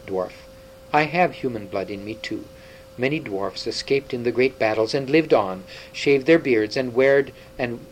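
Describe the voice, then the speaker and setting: A male reader voices a wise, sorrowful old half-dwarf scholar, speaking with grave tenderness at an ordinary pitch. The voice sounds natural, the recording is rough, and a faint hum runs underneath.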